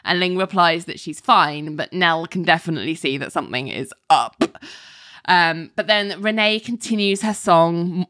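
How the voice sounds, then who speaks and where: A woman's voice: lowish voice, fairly bright tone, dry recording. A woman co-hosting a podcast, recapping a TV episode in a chatty, storytelling way with lots of "um" and "like". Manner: chatty storytelling, laughing often, many "um" and "like". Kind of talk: casual chat, episode recap.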